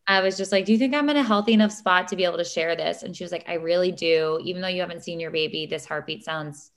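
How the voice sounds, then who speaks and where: A tired, sleep-deprived woman co-hosts a podcast, her lowish voice moving fast as she tells a story casually. It's a chatty, emotional bit of storytelling packed with fillers.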